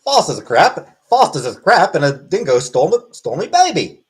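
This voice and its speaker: A man's voice: on the high side, wildly swooping pitch, fairly quick, pitched above the performer's own voice. A man putting on a jokey mock Australian bloke, with an exaggerated slangy twang. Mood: playful.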